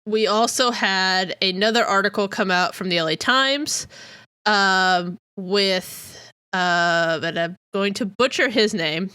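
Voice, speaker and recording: Slow, bright-voiced chatty woman host. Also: medium pitch, smooth, dry recording, studio quality. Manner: chatty, rambling with many fillers. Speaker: podcast co-host. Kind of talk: casual chat.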